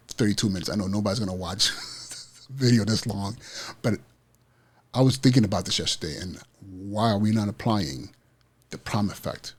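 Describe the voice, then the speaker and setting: This motivational monologue about teaching kids to win comes from a principal hosting an education podcast, who speaks with passion and emphatic repetition. His voice is on the low side with a breathy edge.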